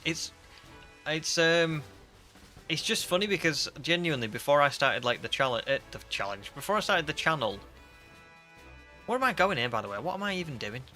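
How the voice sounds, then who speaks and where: A man's voice: a little high, lively intonation, moderate pace, long pauses, sharp tone, faint music behind. Chatty northern English man streaming. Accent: northern English with a slight Scouse twang. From northern England. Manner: chatty, rambling, reads viewer comments aloud. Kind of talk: casual live-stream chat.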